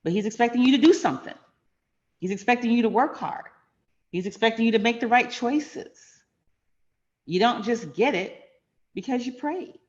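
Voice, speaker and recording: A woman's voice: a little high, normal speed, long pauses, highs cut off. A middle-aged woman hosting a finance channel, telling a personal story in a frank, emphatic, conversational way.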